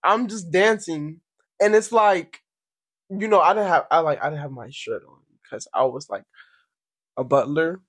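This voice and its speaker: High, husky young man chatting. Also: normal speed. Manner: animated, profane, laughs often. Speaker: podcast co-host. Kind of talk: casual chat.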